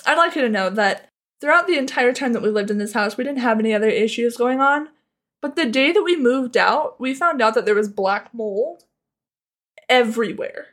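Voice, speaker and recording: A woman's voice: fairly high pitch, expressive, moderate pace, a bit bright. A woman co-hosting a podcast, telling a rambling, profane, comic story in a casual chat. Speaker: podcast co-host.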